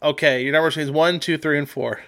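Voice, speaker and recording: A man's voice: fairly high pitch, steady tone, quick pace, fairly bright tone. A man hosting a casual podcast, playfully running a party game and laughing often.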